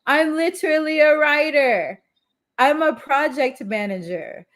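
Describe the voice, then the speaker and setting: A woman's voice: sits high, unhurried, a bit bright. Earnest woman wrestler guest. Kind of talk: casual interview chat.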